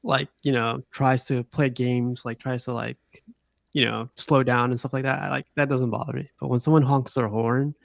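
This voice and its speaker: A man's voice: medium pitch, fairly even intonation, moderate pace, vocal fry, dry recording, clean studio sound. A man hosting a casual group chat, rambling with many fillers and laughing often. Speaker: podcast host.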